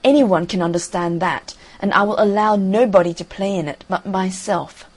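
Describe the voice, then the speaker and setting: A woman reading aloud as a selfish, grumpy male giant with a gruff voice. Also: mid-range voice, moderate pace, close to an everyday voice. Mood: possessive.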